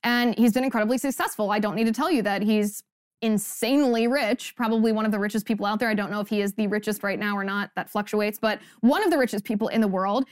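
A woman's voice: medium pitch, fast, clear, resonant tone, no room sound, studio quality. A woman hosting a podcast, delivering an emphatic, indignant and sarcastic political commentary monologue. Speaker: podcast host.

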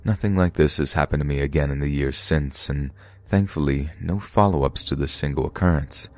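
A man narrating true scary stories for a podcast in a steady, measured way. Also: very deep voice.

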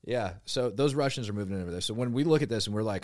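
A man's voice: fairly low pitch, lively intonation, quick pace, darkish tone, no room sound, studio quality. A man hosting a casual podcast, explaining things while he draws on a map. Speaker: podcast host.

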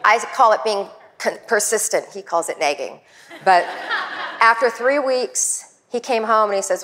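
A woman coach telling a lively personal story, acting out the people she quotes. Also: mid-range voice, unhurried. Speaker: guest coach. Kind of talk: storytelling talk.

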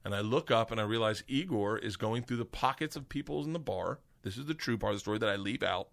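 A middle-aged man, a comedian guest, telling an animated story with lots of swearing and high-pitched quoted voices. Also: fast, creaky. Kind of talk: casual storytelling.

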